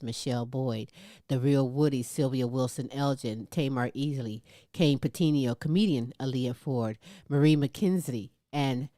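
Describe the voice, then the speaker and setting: A woman's voice: rumbling low, dark tone, no room sound. Playful woman co-host, dry close sound. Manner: playful, drawn-out endearments, laughs often. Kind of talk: casual show hosting.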